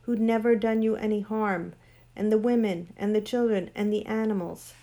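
A woman's voice: mid-range voice, fairly even intonation, moderate pace, warm tone, natural voice. A woman reading a storybook aloud and voicing an outspoken young girl who protests in an indignant way.

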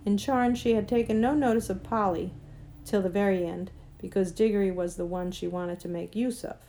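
Mellow-voiced woman reading a storybook. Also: medium pitch, steady tone, a little hiss or hum. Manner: measured, gentle storytelling. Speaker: narrator. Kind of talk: audiobook narration.

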